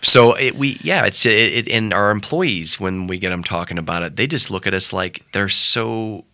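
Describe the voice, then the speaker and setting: A man's voice: lowish voice, bright, forceful tone, dry recording, studio quality. A man who co-owns a cannabis shop, talking earnestly on a radio show and stumbling through restarts. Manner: halting, restarts often, earnest. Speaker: shop owner, co-host. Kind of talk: casual radio talk. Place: radio studio.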